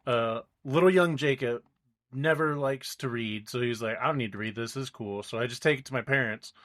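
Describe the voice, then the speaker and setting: A man's voice: medium pitch, a little fast, fairly bright tone. Young man telling a rambling story. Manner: rambling, acts out quoted people. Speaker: podcast co-host. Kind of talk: casual storytelling chat.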